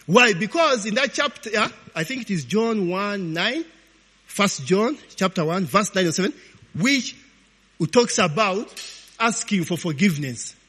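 A man preaching, telling stories in an animated, informal sermon, often tagging lines with "eh?". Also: high-pitched, a little slow, breathy edge. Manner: animated, peppers talk with "eh?" and laughs. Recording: long hall reverb.

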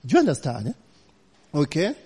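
A man's voice: fairly high pitch, huge pitch swings, a little fast, warm tone, husky, long reverb tail. A man preaching a storytelling sermon, chatty and laughing, often tagging lines with "you know, eh?".

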